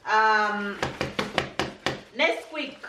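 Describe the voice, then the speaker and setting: A woman's voice: medium pitch, very slow. A woman in her thirties with a Jamaican accent, chatting and laughing as she unpacks groceries in a family vlog. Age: 30s. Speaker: vlogger. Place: home kitchen. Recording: echoey kitchen, far from mic, background noise.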